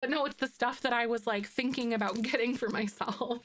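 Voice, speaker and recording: A woman streamer talking to her viewers in a slightly high voice. She is chatty and excitable, with lots of quick gushing asides. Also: slight background noise. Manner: excitable, chatty, self-described loudmouth. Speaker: live streamer. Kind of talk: casual live-stream chat.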